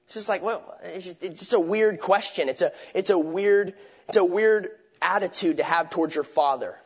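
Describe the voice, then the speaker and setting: Male preacher, high register, conversational sermon, dull lo-fi audio. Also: moderate pace, slightly rough. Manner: conversational, asks rhetorical questions, restarts phrases. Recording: dull lo-fi recording.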